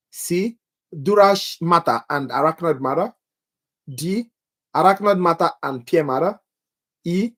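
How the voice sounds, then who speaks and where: Man tutoring exam questions live. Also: on the high side. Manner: quizzes viewers, reads options aloud, jokes about his accent. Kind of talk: live exam-prep review.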